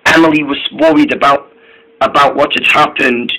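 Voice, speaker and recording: A man's voice: a little high, fairly even intonation, sharp tone, low-quality recording. A man narrating a homemade engine story, stumbling and restarting his phrases often. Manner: halting, many false starts and restarts.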